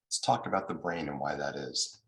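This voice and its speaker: A man's voice: very deep voice, fairly quick, creaky, reverberant, rough recording. A man giving a mediation training lecture over a video call, explaining step by step and now and then acting out angry voices.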